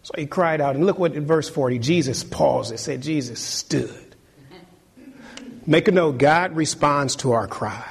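A man's voice: a little high, unhurried, creaky, husky. A man preaching a sermon, exhorting his listeners and hammering home key phrases through repetition.

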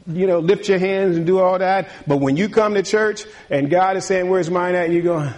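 A man's voice: sits high, normal speed, darkish tone. A man, a pastor, preaching a sermon in a conversational way, laughing often and building to emphatic bursts.

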